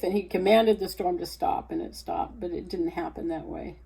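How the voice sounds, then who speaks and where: A woman sharing a personal faith testimony, halting and hesitant with many fillers, growing more animated when she retells scripture. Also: vocal fry, husky, poor audio. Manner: rises in pitch and energy when retelling scripture.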